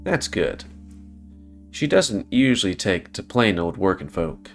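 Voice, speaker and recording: A man playing a gruff, drawling old father. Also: very animated, faint music behind, heavily acted. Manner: slow, low, drawling. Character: gruff older father, dry and probing.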